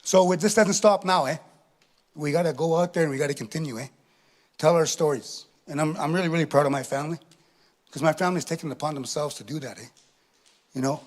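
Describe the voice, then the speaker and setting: A man doing stand-up storytelling at a live venue, animated, ending lines with a questioning "eh". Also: a little high, quick pace. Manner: animated, tag questions with "eh", acts out laughs. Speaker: comedian.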